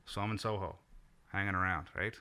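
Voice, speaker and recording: A man in his thirties from Nova Scotia tells a rambling story on a podcast, laughing and swearing as he goes. His voice sits low but sounds bright and forceful, and he repeats himself as he talks. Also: fairly even intonation, brisk. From Nova Scotia, Canada. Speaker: comedian guest.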